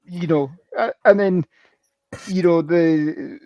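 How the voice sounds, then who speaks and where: A man's voice: on the high side, takes it slowly, warm tone, dry recording. A man from the United Kingdom co-hosting a casual sports podcast, rambling and emphatic. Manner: rambling, emphatic, swears mildly. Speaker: co-host. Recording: dull lo-fi dry recording.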